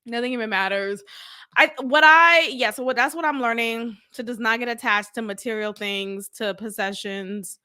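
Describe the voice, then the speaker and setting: Bright, high-voiced woman podcaster. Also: moderate pace, smooth. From Boston. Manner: rambling, animated, laughs often, swings from loud to soft. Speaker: podcast host. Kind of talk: casual solo podcast chat.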